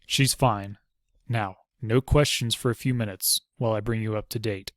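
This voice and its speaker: A man doing a sharp-tongued young woman. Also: fairly low pitch, steady tone, moderate pace, no room sound, clean studio sound, natural voice. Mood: serious. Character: spirited young woman, a ranger's apprentice, quick-witted.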